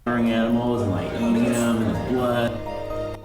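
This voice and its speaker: An actor playing a coworker chatting in a lunchroom in a short film. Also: male voice, mid-range voice, steady tone, normal speed, reverberant, music in the background, natural voice. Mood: casual.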